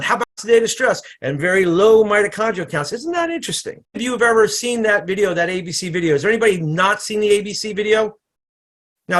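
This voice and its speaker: A man, a chiropractor, giving a casual, energetic product training on an online call, often repeating himself and restarting sentences. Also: high voice. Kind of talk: casual presentation on a video call. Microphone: computer microphone on an online call.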